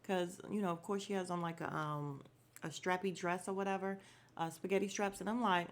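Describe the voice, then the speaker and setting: A woman's voice: on the low side, steady tone, brisk. Chatty woman podcast host. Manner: chatty, opinionated, frequent laughs and slang. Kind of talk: casual reality show recap.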